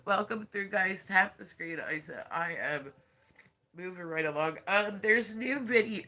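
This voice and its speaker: A congested man with a stuffy nose hosts a rambling livestream chat. His voice sits a bit high and rings very bright and sharp, broken often by laughs and casual swearing. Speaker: livestream host.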